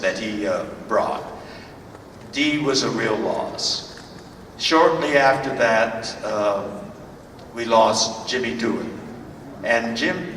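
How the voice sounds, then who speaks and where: Older man, convention panel guest, slow and halting with bright tone; distant, reverberant hall with faint murmur. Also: fairly low pitch, slight background noise. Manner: halting, many fillers and restarts. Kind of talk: anecdotal storytelling. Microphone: far from the recording camera. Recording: echoey hall from far off.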